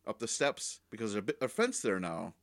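A man co-hosting a podcast, recapping a TV episode in casual, animated chat. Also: lowish voice, a little fast. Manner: animated retelling with acted-out dialogue. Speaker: podcast co-host reviewing TV episodes.

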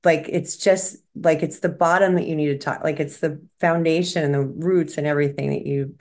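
A woman's voice: low-pitched, fairly even intonation, fairly quick, a little mellow. A woman talking as a psychic medium in casual chat, rambling and restarting as she relays what she is shown.

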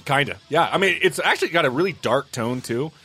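A man hosting a comedy podcast, telling stories and recommending a movie with animated, laughing delivery. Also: on the high side, fast talker, slightly rough, faint music behind. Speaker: podcast host.

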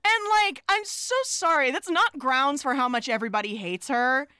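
A woman hosting a podcast, recapping a film in animated, chatty talk with frequent laughs. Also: high-pitched, normal speed, smooth, dry recording, studio quality. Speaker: podcast host. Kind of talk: casual film recap chat.

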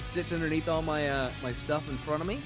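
A man's voice: fairly high pitch, fairly even intonation, fairly quick, fairly bright tone, soft background music. A man co-hosting a podcast in a casual, joking chat, thinking aloud with fillers as he goes. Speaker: podcast co-host.

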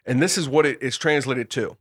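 A man's voice: medium pitch, brisk, fairly bright tone, slightly rough, dry recording, clean studio sound. A man leading a casual group Bible discussion, explaining word by word, often repeating and restarting phrases and breaking into laughter. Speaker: Bible study leader.

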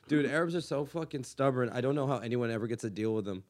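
A man in his thirties from Los Angeles with an American accent, hosting a podcast with crude, animated storytelling and frequent laughter. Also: medium pitch, quick pace. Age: 30s. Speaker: comedian podcast host. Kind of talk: casual podcast chat.

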